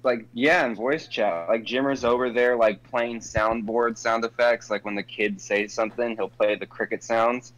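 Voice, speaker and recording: A man with a mid-range voice trading gossip on a casual podcast. He mocks people freely and slips into quick impressions. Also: mid-range voice, steady tone, a bit bright, dull audio. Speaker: guest on a podcast. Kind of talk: casual chat.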